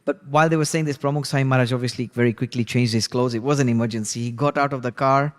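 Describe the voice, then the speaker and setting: A man leads a class and tells a story in an easy, chatty way, often pausing on "you know." His voice sits at an ordinary middle pitch. A long reverb trails after his words, as if he is in a large hall. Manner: conversational, relaxed retelling with frequent 'you know'. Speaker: religious class teacher. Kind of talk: storytelling lesson.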